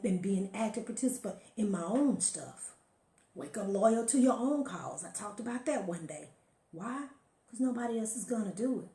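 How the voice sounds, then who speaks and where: A woman's voice: fairly high pitch, darkish tone, reverberant. A woman giving an emphatic motivational talk to her viewers, preaching and telling stories, calling listeners honey. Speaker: motivational live-stream host.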